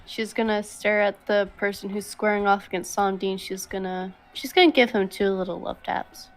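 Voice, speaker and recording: A woman's voice: medium pitch, steady tone, moderate pace. A woman playing in a tabletop game, casually describing her character's actions in the third person. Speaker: player. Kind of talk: tabletop role-play.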